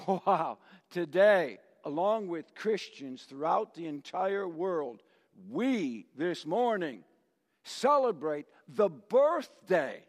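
An older man preaching a sermon as pastor, telling stories with jokes and chuckling often. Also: on the high side. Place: church sanctuary. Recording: long church reverb.

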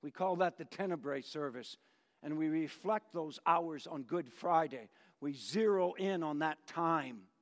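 A male pastor delivering a sermon with storytelling, swinging between loud emphasis and near-whispers, in a church sanctuary. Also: fairly high pitch, measured pace. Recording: long reverb of a large church hall.

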